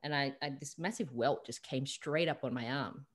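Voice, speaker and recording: An Australian woman, a holistic coach, telling a personal story over a video call, lively and full of fillers. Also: extremely low pitch, normal speed. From South Australia. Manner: animated retelling with acted-out quotes and many fillers. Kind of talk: storytelling in an interview.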